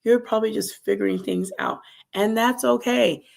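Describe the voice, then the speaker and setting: A woman hosting a faith podcast livestream, talking in an animated, emphatic way and speaking to viewers in the chat. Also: fairly high pitch, moderate pace, creaky. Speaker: podcast host. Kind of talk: casual devotional livestream talk.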